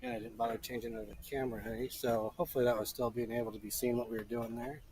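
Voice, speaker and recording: A man's voice: medium pitch, flat delivery, fast, a little mellow, a little hiss or hum, poor audio. A man working as a blacksmith, giving casual hands-on instruction to a beginner and chatting with stories as he works.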